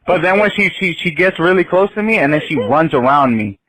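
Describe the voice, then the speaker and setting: A man telling a story on a podcast in a casual, animated, profane way, often breaking into laughter. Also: fairly high pitch, a little fast, rough recording. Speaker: podcast guest.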